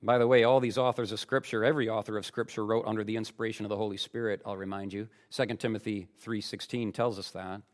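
A man's voice: on the low side, little pitch movement, quick pace, few pauses. A male pastor preaching a sermon in a church, emphatic and full of rhetorical questions to the congregation.

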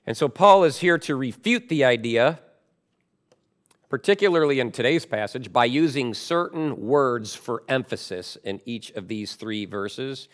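A man preaching a sermon as pastor, emphatic, with loud stressed words and quieter asides. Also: medium pitch, a little slow.

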